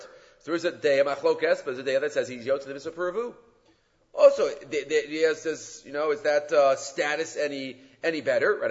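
A man delivers a Talmud lesson in a fairly high voice, pushing hard on key points and weaving Hebrew and Aramaic terms into his English. The sound is muffled and trails off in a long echo, as in a large hall. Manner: animated, rising to emphatic peaks, mixes Hebrew and Aramaic terms. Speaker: Talmud teacher. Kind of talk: lecture on Jewish law. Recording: muffled sound in a reverberant room.

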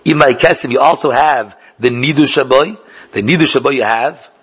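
A man's voice: mid-range voice, brisk, a bit bright, slight background noise. A man giving a Talmudic lecture, thinking aloud with many restarts and repeated words and mixing in Hebrew learning terms. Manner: mixes English with Hebrew and Yiddish learning terms. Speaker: Talmud teacher.

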